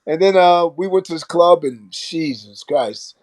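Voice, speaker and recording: An older man from Brooklyn, New York, a former basketball player and coach, telling animated stories in a casual interview and often acting out what people said. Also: on the high side, measured pace, no room sound. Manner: animated storyteller who acts out quoted lines and laughs often.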